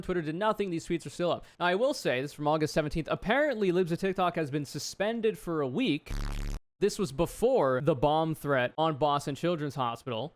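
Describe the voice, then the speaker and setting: Sarcastic, swearing male commentator. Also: a little high. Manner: sarcastic, profane, exasperated. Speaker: video commentator. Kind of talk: political commentary video.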